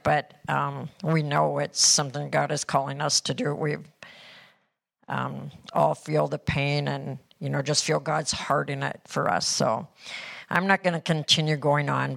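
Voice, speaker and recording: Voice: mid-range voice, gravelly, fairly bright tone. A person reporting on a church mission trip, talking earnestly and rambling with many fillers. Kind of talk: casual church talk.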